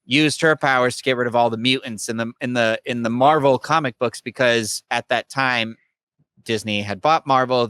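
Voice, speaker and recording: A man with a bright, crisp and smooth voice, chatting on a podcast. He talks like an eager fan, rambling through long explanations in a loose, casual way. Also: mid-range voice, dry recording. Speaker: podcast co-host.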